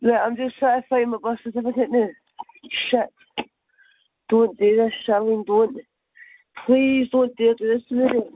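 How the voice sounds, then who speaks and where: A man's voice: very high voice, flat delivery, a little slow, pauses often, no echo. A man voicing a chaotic, swearing Scottish woman who rambles and gets flustered on a phone call. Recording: tinny phone line.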